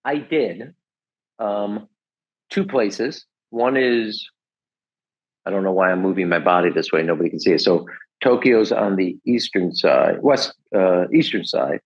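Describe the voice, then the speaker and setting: Husky low-voiced man telling a rambling story. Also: unhurried, highs cut off. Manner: rambling, restarts, says "et cetera" often. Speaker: podcast guest. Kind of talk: casual storytelling.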